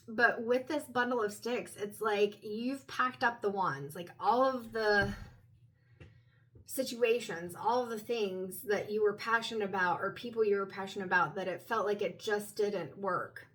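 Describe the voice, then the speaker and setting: A woman at home giving a private tarot reading, talking in a gentle, meandering, explanatory way. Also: medium pitch, poor audio. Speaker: tarot reader.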